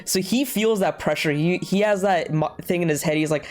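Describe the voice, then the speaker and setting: Animated higher-voiced male podcast co-host. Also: moderate pace, few pauses, soft background music. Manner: animated, acts out quotes with restarts. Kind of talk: casual chat.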